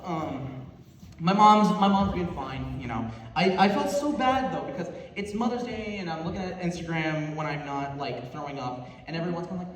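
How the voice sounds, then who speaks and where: A young man doing stand-up comedy, animated and rambling, laughing through his stories with many fillers. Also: fairly high pitch, normal speed. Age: young adult. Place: theater stage before a live audience. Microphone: audience phone from far off. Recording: echoey hall from far off, audience noise.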